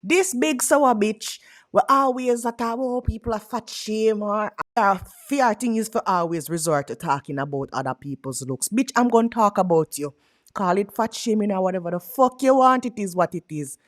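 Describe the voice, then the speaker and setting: A woman's voice: mid-range voice, moderate pace. A woman, streaming her reactions and hurling heated insults.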